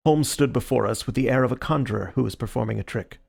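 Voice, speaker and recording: A man reading a classic detective story aloud as an audiobook narrator, in a steady storytelling manner. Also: on the low side, a little fast, creaky, few pauses, breathy edge. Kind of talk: scripted narration.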